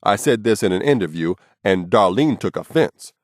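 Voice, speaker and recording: A man's voice: on the low side, animated, normal speed, no echo, studio quality. A man narrating his own memoir as an audiobook, in a blunt, casual and profane storytelling manner.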